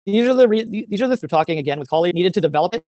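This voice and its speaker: Man, teacher, earnest and emotional, fairly high voice, dry sound, video call. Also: animated, rapid-fire, dark tone, no echo, muffled recording. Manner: earnest and openly emotional, frequent ums. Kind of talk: presentation over a video call.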